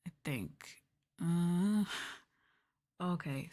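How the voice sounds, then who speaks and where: Soft-spoken woman rambling in ASMR chat. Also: low-pitched, unhurried. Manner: soft, rambling, chatty with frequent fillers. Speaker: streamer.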